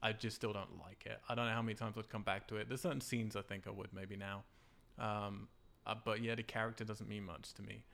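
A man hosting a casual podcast chat, relaxed and laughing often, with many fillers. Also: lowish voice, fairly quick, creaky, few pauses. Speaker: podcast host.

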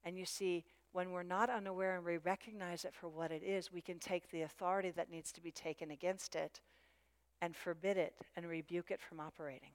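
A woman's voice: fairly low pitch, fairly even intonation, brisk, smooth. A woman preaching a sermon with emphasis, repeating her key phrases. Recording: long hall reverb.

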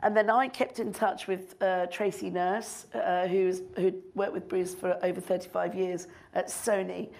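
A middle-aged woman, a filmmaker guest on stage, telling an animated anecdote with frequent laughter and mimicry. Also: on the low side, a little slow, creaky, few pauses.

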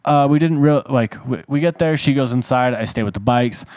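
A man's voice: medium pitch, brisk, darkish tone, smooth, dry recording. A man on a podcast telling a long story in casual chat, rambling and swearing freely. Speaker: podcast co-host.

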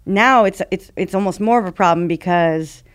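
A woman's voice: lowish voice, moderate pace, clear, resonant tone. A woman stand-up comedian in casual conversation, rambling and self-reflective, with frequent restarts and fillers. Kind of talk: casual podcast chat.

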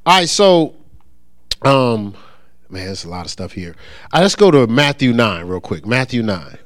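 A man's voice: medium pitch, big pitch swings, moderate pace, dry recording, studio quality. A man preaching a sermon, calling out to his congregation for answers and joking with them. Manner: call-and-response, asks congregation to answer; humorous, acts out quoted voices. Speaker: pastor. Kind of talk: interactive sermon teaching.

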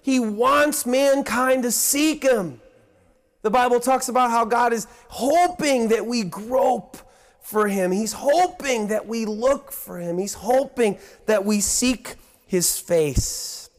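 A man preaching a sermon, earnest, swinging between hushed asides and excited emphasis. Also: very high voice, takes it slowly.

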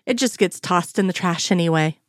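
A woman reading the lines of a young female federal agent in a lively, playful way. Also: on the low side, brisk, no room sound, clean studio sound, lightly acted. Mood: warm.

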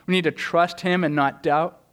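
A man's voice: on the high side, steady tone, normal speed, a bit bright, clean tone. A man preaching a sermon as pastor, earnest and repeating words as he presses each point. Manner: acts out quoted prayers in a raised voice.

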